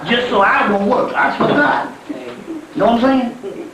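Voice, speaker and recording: A man's voice: very high-pitched, measured pace, a bit bright. A man giving a rambling, profane spiritual lecture as a story, often laughing as he talks. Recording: echoey room from a distant mic.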